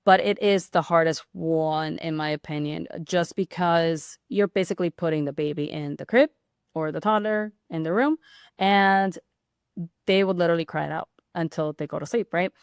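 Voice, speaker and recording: A woman's voice: on the low side, normal speed, clean tone, no room sound, clean studio sound. A woman talking as a guest on a podcast, explaining at length in a rambling, conversational way with many fillers and restarts. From Hispanic background. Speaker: pediatric sleep consultant and guest. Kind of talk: casual podcast interview.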